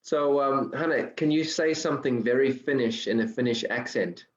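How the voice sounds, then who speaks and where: An interview host who asks short, brief questions and gives quick replies. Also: mid-range voice, highs cut off. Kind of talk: casual interview.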